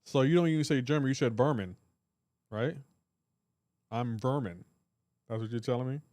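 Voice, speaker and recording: A man's voice: mid-range voice, brisk, a little mellow, no echo. A man hosting a live game stream, joking around in casual chat and answering his viewers' comments aloud.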